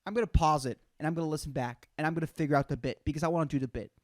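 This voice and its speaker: A man's voice: fairly high pitch, racing, no echo. A man in his twenties hosting a solo comedy podcast, rambling and swearing constantly, peppering his talk with "dude" and "man". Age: 20s. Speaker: podcast host.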